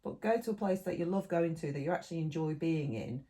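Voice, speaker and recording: A woman's voice: sits low, quick pace, warm tone. A middle-aged woman, co-hosting a podcast in casual chat, rambling through long lists and restarting her sentences. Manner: rambling, listy, restarts mid-thought. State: eating while talking. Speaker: podcast co-host.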